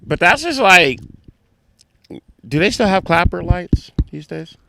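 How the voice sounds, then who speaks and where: A man's voice: takes it slowly, creaky, background noise. A man, a comedian, telling a profane story in casual chat and acting out other people's voices. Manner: profane, animated, acts out other voices in high pitch. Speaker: comedian guest.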